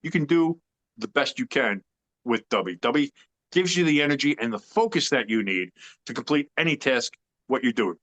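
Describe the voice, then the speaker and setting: A man's voice: mid-range voice, animated, normal speed, a bit bright. A man co-hosting a sports podcast in casual chat, opinionated and emphatic, rambling with fillers. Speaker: podcast co-host.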